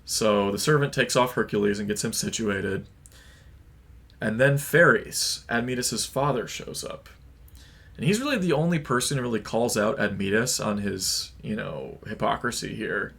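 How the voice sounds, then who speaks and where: Young male reviewer, gravelly, informal and opinionated. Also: mid-range voice, animated, moderate pace, fairly bright tone, slight background noise. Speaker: book reviewer. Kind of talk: casual retelling.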